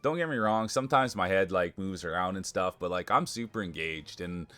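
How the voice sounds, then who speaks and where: A man streaming live, chatting casually and excitedly with his viewers and thanking them by name. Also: deep voice, fairly quick. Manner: excitable, talks straight to chat.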